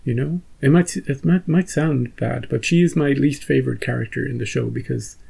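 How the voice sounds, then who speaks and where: A man's voice: medium pitch, a little fast, gravelly, dark tone, husky, low-quality recording. A man hosting a reaction channel, chatting casually and rambling through an episode recap with many restarts. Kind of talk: casual post-episode chat.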